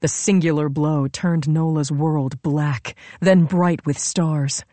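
Low-voiced woman narrating slowly. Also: steady tone, dark tone, no room sound. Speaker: audiobook narrator. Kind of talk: scripted narration.

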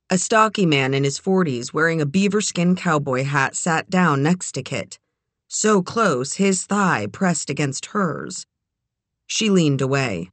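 A woman narrating a novel as an audiobook reader, in a measured, even way. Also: low-pitched, no echo. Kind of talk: scripted narration.

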